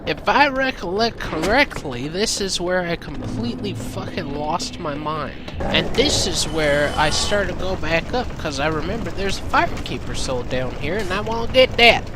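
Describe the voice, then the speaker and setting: A man's voice: high-pitched, heavy background noise. A man giving casual, sarcastic gameplay commentary, joking and swearing freely.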